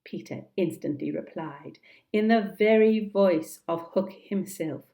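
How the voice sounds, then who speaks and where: A woman narrating a children's storybook in a calm, measured, deliberate reading. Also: fairly low pitch. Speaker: storybook reader.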